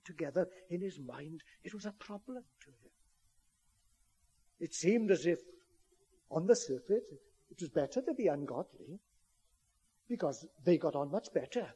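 A man's voice: sits high, mellow, husky. A man preaching a sermon to a congregation, earnest and building to emphatic appeals.

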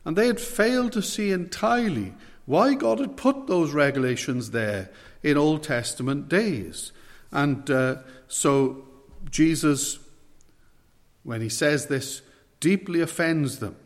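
A man preaching a sermon, emphatic and slowing down to stress key phrases. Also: on the high side, lively intonation, in a large hall.

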